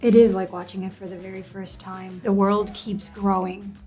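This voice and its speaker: A woman's voice: mid-range voice, flat delivery, moderate pace, warm tone, faint music behind. A woman actor in an interview, earnest and heartfelt, sometimes repeating words in her eagerness. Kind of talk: casual interview chat.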